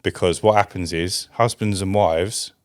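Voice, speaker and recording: Deep-voiced man, dry banter. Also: measured pace, clean tone. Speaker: podcast co-host. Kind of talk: casual podcast chat.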